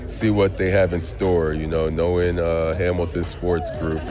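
A former football player speaking casually and emotionally at a public event, with lots of "you know" and laughter. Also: male voice, low voice, little pitch movement, unhurried, recorded from a distance, music in the background. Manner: laid-back, laughs often, fillers like "you know". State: choked up. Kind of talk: emotional speech and casual interview. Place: city hall event, indoors.

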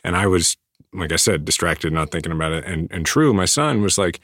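A man in his thirties, a guest in a casual interview, speaking earnestly with many halting restarts. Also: deep voice, fairly bright tone, no echo, studio quality.

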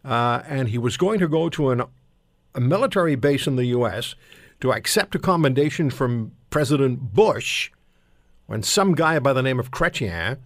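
A man's voice: mid-range voice, lively intonation, moderate pace, no echo, clean studio sound. An older man from Canada hosting a casual panel talk show, telling rambling, self-deprecating stories.

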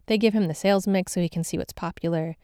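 Brief: female podcast host, mellow and warm tone, polished scripted narration, dry booth sound. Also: on the low side, fairly even intonation, quick pace, clean tone, dry recording.

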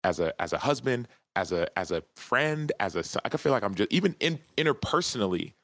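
A man's voice: fairly low pitch, very animated, brisk, a bit bright, dry recording. A man in his thirties, a podcast guest, telling a personal story in an earnest, heartfelt way during a casual interview.

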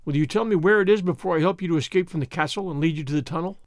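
A man voicing a cautious castle jailer who speaks quietly and carefully, reading a storybook tale. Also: on the high side, no echo, studio quality, natural voice. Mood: guarded. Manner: quiet and measured.

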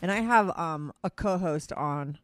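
Over music, a woman with a fairly low, unhurried voice and a New Jersey or New York accent hosts a podcast. Talking with her co-host by phone, she keeps the casual chat blunt and swears freely.

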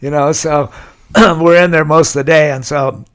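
Older man, from california, rambling storyteller, slightly high voice. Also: fairly even intonation, normal speed. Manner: rambling anecdotal storyteller, chuckles. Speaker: guest. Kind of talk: storytelling interview.

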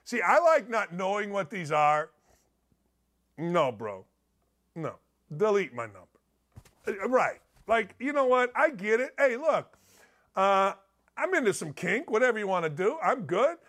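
High-pitched rowdy sports-talk man. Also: big pitch swings, unhurried, long pauses. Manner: loud, rambling and jokey, swinging between shouts and low mutters. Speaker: sports radio host. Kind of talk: energetic sports talk monologue.

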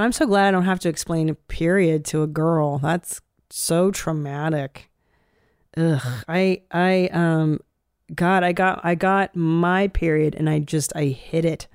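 Podcast host lady, gravelly voice, rambly and swears a lot, dry close mic. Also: low voice, no room sound. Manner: rambling, expressive, swears, laughs often. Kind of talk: casual podcast chat.

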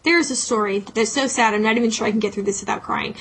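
A woman's voice: a little high, fast, fairly bright tone, a little hiss or hum, rough recording. A woman co-hosting a podcast, telling a story in a casual, emotional way. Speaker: podcast co-host.

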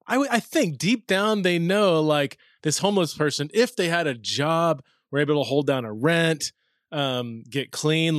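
A man's voice: fairly high pitch, dry recording, clean studio sound. A man hosting an interview, asking questions casually and thinking aloud with a hesitant, filler-filled manner. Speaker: podcast host.

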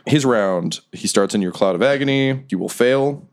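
A man's voice: mid-range voice, animated. Young man as game master, mid-range voice, playful storyteller. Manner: laughing, playful narration with quick voiced side characters. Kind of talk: narrating a tabletop game.

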